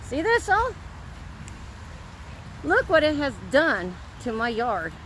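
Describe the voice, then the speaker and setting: A woman's voice: high-pitched, wildly swooping pitch, takes it slowly, a bit bright, slight background noise. Upset woman filming her flooded yard. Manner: upset and exasperated, repeating "look". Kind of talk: phone video walk-through, complaining. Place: outdoors in a flooded, rainy back yard. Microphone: handheld phone.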